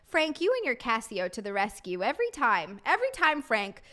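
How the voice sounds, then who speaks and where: High, bright excitable woman streamer. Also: brisk. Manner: excitable, giggly, thanks viewers warmly. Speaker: live streamer. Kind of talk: casual live-stream chat with viewers.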